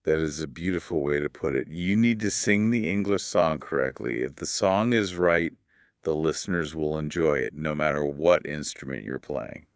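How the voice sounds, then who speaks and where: A man hosting a podcast, explaining English pronunciation in a calm, measured scripted teaching dialogue. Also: a bass voice, clean tone, no echo, clean studio sound.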